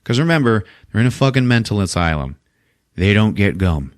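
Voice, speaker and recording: A man's voice: fairly low pitch, very animated, brisk, no room sound, clean studio sound. A male podcast host casually recapping a horror film, joking and swearing often. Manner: profane, joking, laughs often.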